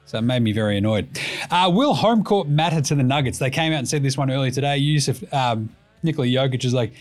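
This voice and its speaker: Speaking quickly and with lots of energy in a mid-range voice, this Australian podcast host chats loosely about basketball. He wanders off topic, swears freely and jokes around while faint music runs in the background.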